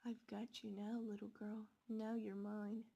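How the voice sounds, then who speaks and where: A woman voicing the ghost of a murdered man, sad at first then sinister, spoken in a slow, hushed way. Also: mid-range voice, level tone, vocal fry, breathy edge, lo-fi sound. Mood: menacing.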